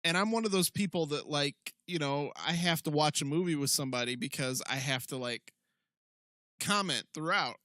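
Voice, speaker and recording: A man's voice: a little high, normal speed, sharp tone, no room sound. A man co-hosting a podcast, talking casually, enthusiastically and profanely. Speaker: podcast co-host. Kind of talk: casual chat.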